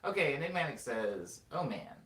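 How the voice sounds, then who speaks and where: A man's voice: mid-range voice, moderate pace. Young guy rambling on a stream, voice jumps all over, kinda echoey and far from the mic. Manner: rambling, laughs often, animated storytelling. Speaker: livestream host reading chat. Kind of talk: casual chat. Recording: roomy, mic at a distance, faint noise.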